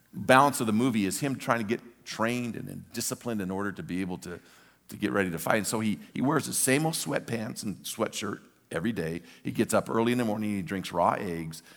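A man's voice: lowish voice, a little fast, a bit bright, long reverb tail. An older man preaching a sermon as a pastor, telling a story with energy and repeating words for emphasis.

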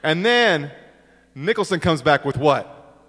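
A man's voice: a little high, animated, slow, a bit bright. A middle-aged man preaching a sermon, telling stories with self-deprecating humor and acting out the quotes. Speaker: pastor. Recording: long reverb of a large hall.

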